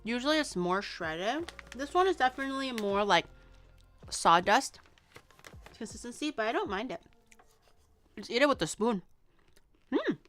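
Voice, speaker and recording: A young woman from Canada, chatting casually on a stream while tasting snacks, excitable and swearing lightly. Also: a little high, moderate pace, long pauses, soft background music.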